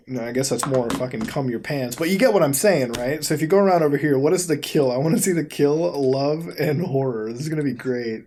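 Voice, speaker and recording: A man hosting a casual commentary while browsing websites, rambling and swearing freely, often breaking into high-pitched laughter. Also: fast talker, warm tone. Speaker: host.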